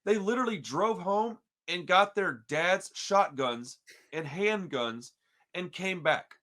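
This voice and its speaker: A man from Texas telling a story on a podcast in casual chat, slangy and animated, calling everyone dude and bro. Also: high-pitched, slow, slight background noise. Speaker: podcast co-host.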